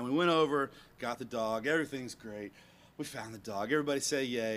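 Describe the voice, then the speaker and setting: A man telling an animated personal story to an audience in a rambling, self-mocking way, acting out bits of dialogue. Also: mid-range voice, a little fast.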